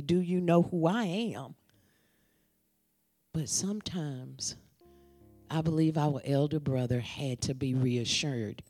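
A woman preaching a sermon, swinging between loud calls to the congregation and hushed whispered storytelling. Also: low voice, dry recording.

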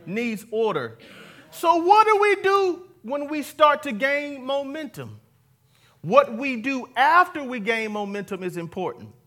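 A man's voice: very high voice, sing-song, measured pace, sharp tone. A pastor preaching a sermon to his congregation, mixing jokes and scripture readings and having the crowd repeat key words back to him. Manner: call-and-response with the congregation; conversational, jokey preaching. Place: church before a live congregation.

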